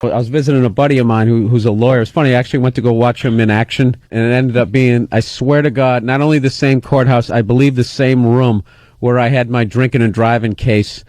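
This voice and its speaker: A man's voice: mid-range voice, a little fast, no room sound. A man in his forties, a comedian guest on a radio show, telling a story in casual chat and acting out the people in it. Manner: animated, acts out the other people in his story. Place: radio studio.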